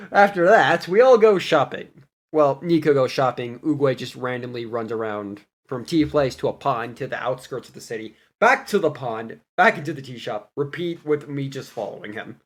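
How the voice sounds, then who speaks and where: A young man casually retelling a tabletop game session, animated and laughing as he goes. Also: mid-range voice, moderate pace. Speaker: player recapping a campaign. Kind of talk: casual storytelling recap.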